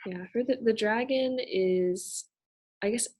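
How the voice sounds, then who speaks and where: A young woman answering questions in a casual Q&A, explaining patiently and thoughtfully, often pausing with fillers. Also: a little high, darkish tone, breathy edge. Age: young adult. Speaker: student cultural navigator.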